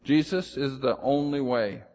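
In a large, echoing space, a man preaches emphatically, his volume surging on important lines. Then he sinks into a low, slow delivery to hammer each point home.

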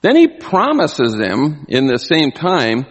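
A man preaching a sermon, animated, often acting out the people he quotes. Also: on the high side, takes it slowly. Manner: animated, acts out quoted voices. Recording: long hall reverb.

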